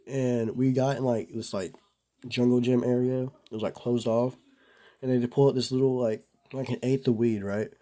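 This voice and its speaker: A man's voice: mid-range voice, fairly even intonation, moderate pace, dark tone. A young man casually telling a rambling story to the camera, full of filler words and slang. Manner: rambling, laid-back, lots of "bro" and "like". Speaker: vlogger.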